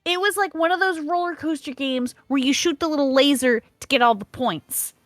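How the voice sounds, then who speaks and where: A woman, a player in a tabletop game, telling an animated story with lots of laughter. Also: sits high, brisk, dry recording, soft background music. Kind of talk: casual chat.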